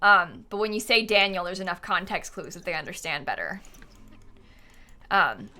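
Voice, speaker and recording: A woman's voice: fairly low pitch, big pitch swings, normal speed, pushed and bright. A woman from the United States live-streaming a game, chatting casually and rambling, often laughing and answering her chat.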